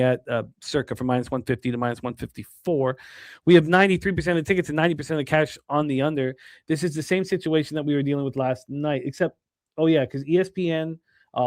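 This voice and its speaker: Excitable rambling man, dry close sound. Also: fairly high pitch, no echo. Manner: rambling, excitable, lots of fillers and restarts. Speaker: sports betting show host. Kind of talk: casual sports betting talk.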